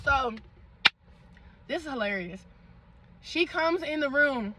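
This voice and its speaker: A young woman vlogger telling a storytime in a dramatic, animated way, full of slang and asides to her viewers. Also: high voice, takes it slowly, very noisy. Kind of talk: storytime vlog.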